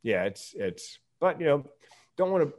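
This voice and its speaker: A man's voice: a little high, big pitch swings, normal speed, a little mellow. A man from the United States, a podcast guest, talking candidly in casual conversation and laughing often while telling stories.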